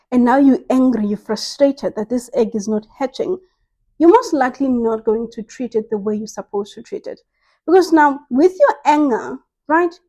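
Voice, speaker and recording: A woman's voice: sits high, warm tone, poor audio. A woman giving a devotional message of encouragement. She speaks earnestly, repeats key phrases and often adds "right?". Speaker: faith vlogger.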